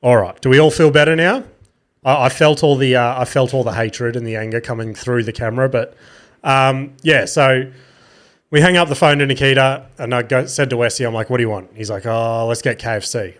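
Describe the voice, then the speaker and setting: A man's voice: mid-range voice, fairly quick. A tired Australian man in his thirties telling rambling stories on his podcast, swearing casually and poking fun at himself. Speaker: podcast host. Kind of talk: casual solo storytelling.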